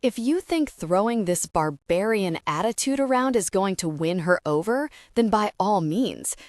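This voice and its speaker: A woman's voice: medium pitch, lively intonation, measured pace, no echo, clean studio sound, lightly acted. A woman voicing a smug man who taunts his rival in an audiobook. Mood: mocking. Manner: mocking, contemptuous.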